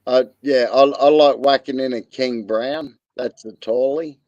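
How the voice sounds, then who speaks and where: A man's voice: mid-range voice, fairly even intonation, measured pace, darkish tone, no echo, muffled recording. An older Australian man in casual chat, laid-back and laughing often.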